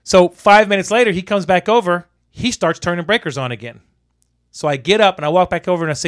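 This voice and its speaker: A man, an electrician, casually telling a work story on a podcast, animated and exasperated, swearing freely. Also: fairly high pitch, brisk.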